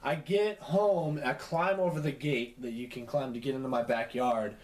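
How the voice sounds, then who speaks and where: A man's voice: medium pitch, moderate pace. A young man telling a profane story in casual chat, acting out the quotes. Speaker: podcast co-host. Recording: echoey room with faint noise.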